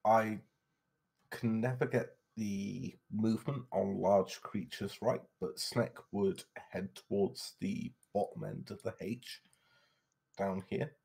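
Male player, lowish gravelly and breathy, casual and unsure. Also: fairly even intonation, slow pace, darkish tone. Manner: unsure, explaining his moves. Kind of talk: casual tabletop play.

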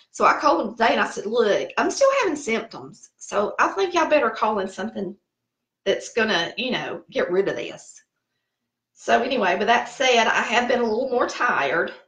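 Casual chat comes from a middle-aged cooking channel host with a Southern American accent, a native of the Southern United States, who tells stories and laughs at herself. The voice sits on the high side, a bit bright, in an echoey room.

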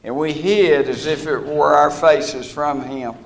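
A middle-aged man preaching a sermon, folksy and deliberate, leaning on key words. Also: on the high side, fairly even intonation.

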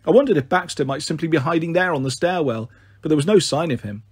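Husky man reading a storybook. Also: fairly high pitch, dry recording, studio quality. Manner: steady, measured first-person reading. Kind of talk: audiobook narration.

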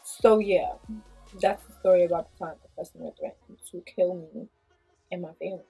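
A woman vlogger who tells a story in an animated, blunt way, with plenty of swearing. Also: fairly low pitch, normal speed, gravelly, slightly rough, faint music behind. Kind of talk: storytime vlog.

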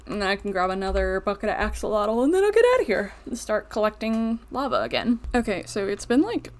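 A young woman talking viewers through her survival game in a chatty, self-deprecating way, tired from little sleep. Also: on the high side. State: sleep-deprived. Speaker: gaming channel host. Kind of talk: casual let's-play commentary.

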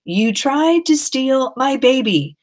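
A woman's voice: lowish voice, measured pace. A woman reading an audiobook, voicing a fierce, worried mother who talks curtly and bitingly. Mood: accusing. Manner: curt, biting.

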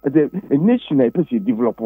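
A Ghanaian man, a pastor and former presidential candidate, speaking emphatically as an interview guest, his voice husky and jumping high when he presses a point. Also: very animated, fast, no echo. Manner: emphatic and preachy, with sudden high pitch leaps and repeated words. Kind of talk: political interview, Twi mixed with English. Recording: tinny phone-like line.

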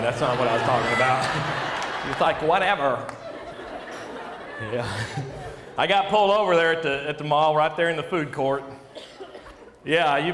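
A man doing a high-energy stand-up comedy set on a live club stage, rambling and chuckling often. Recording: echoey hall with audible noise.

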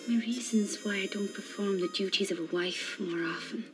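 A woman's voice: mid-range voice, moderate pace, music in the background, natural voice. A woman playing a frightened young wife, whispering. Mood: fearful confession. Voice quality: hushed, tremulous. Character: timid young Catholic wife confessing. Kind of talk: whispered role-play.

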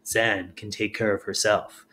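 A man doing a low, murmuring old swamp monster. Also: level tone, unhurried, sharp tone, a little hiss or hum. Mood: worried. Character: old, gentle male swamp monster, worried and slow.

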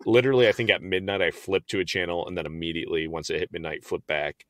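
A man in his thirties co-hosting a podcast, telling stories in animated casual chat, with quick bursts and laughter. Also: low voice, no room sound, studio quality. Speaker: podcast co-host.

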